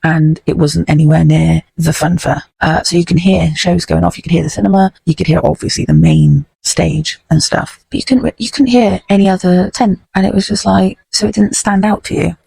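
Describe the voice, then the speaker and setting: A woman's voice: on the low side, steady tone, fairly quick, creaky, hardly any pauses, warm tone, husky, dry recording. A woman hosting a podcast, telling a story in a blunt, sweary, rambling way. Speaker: podcast host. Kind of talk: casual podcast chat.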